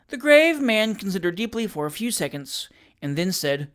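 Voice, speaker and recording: An audiobook narrator reading a classic novel in a measured way, dropping lower for the narration between characters' lines. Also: sing-song, a bit bright.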